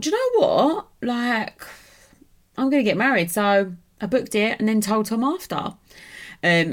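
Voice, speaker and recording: A young woman, chatting casually and rambling with lots of fillers as a podcast host. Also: on the low side. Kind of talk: casual solo chat.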